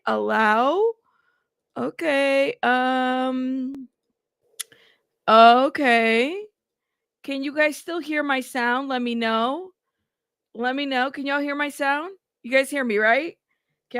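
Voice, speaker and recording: Chatty woman streamer, high voice, bubbly shout-outs, dry room. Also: clear, resonant tone, dry recording. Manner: bubbly, shouting out chat members by name. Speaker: livestream host. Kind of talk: casual livestream chat. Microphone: plug-in mic at a computer.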